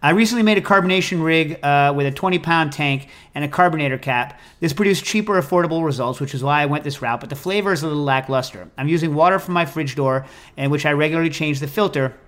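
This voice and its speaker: A man hosting a podcast in casual chat, talking in an animated, rambling, jokey way. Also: a little high, quick pace. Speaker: podcast host.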